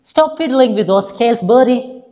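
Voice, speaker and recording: A woman's voice: on the high side, animated, normal speed, warm tone, voice pushed up, lightly acted. A woman voicing a fretful, strict mother who nags her son with repeated orders, on a dull lo-fi recording. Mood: exasperated.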